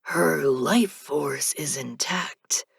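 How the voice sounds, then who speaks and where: A cold male death spirit speaking in a slow, flat monotone, low and hushed, as a woman narrator puts him on. His voice is husky and gravelly, recorded dry and close for an audiobook. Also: no echo, exaggerated voice.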